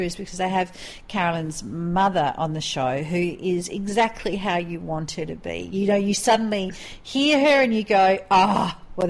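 A woman co-hosting a casual podcast chat, talking in an enthusiastic, chatty way with quick asides. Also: medium pitch. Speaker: podcast co-host. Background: call to prayer in the background.

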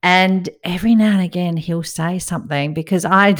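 Woman, middle-aged, podcast host, lively storyteller, laughs a lot, low pitch. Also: moderate pace. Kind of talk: casual chat.

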